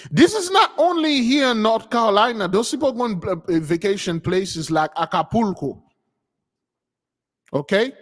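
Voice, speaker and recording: A man's voice: high-pitched, lively intonation, normal speed, fairly bright tone. A man hosting a spiritual channel, talking casually and rambling with frequent questions to his audience. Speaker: spiritual teacher and channel host. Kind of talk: casual livestream talk. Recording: long reverb.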